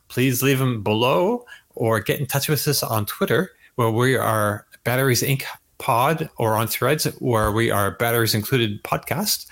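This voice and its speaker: A man hosts a podcast with a middling voice, moving briskly through casual chat and the closing plugs. He sounds friendly and at ease. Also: mid-range voice, a bit bright. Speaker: podcast host. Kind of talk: casual chat and show sign-off.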